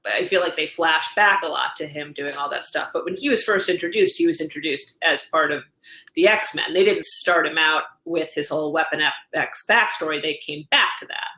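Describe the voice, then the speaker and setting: A woman in her thirties, co-hosting a casual podcast with a bright, forceful voice. She talks quickly from thought to thought and slips into little put-on voices to quote people. The room has a noticeable echo. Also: low voice. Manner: chatty, laughing often, quotes people in animated voices. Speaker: podcast co-host. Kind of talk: casual chat. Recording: roomy echo.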